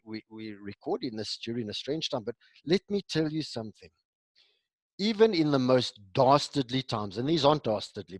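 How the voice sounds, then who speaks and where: A man's voice: medium pitch, no room sound. A man from South Africa giving a recorded motivational talk, enthusiastic and full of repeated rhetorical questions. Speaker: motivational speaker. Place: home during lockdown.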